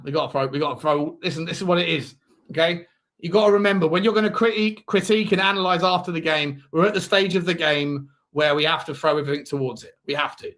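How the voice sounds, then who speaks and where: A man hosting a live football watchalong, calling the match and chatting to viewers, with sudden loud shouts when chances come. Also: fairly high pitch. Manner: excitable, shouts at big chances, chats to viewers.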